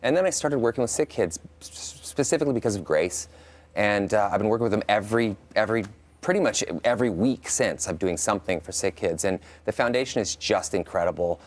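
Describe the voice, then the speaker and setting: A man talking as a guest in a TV studio interview, reflective and halting with frequent restarts. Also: on the low side.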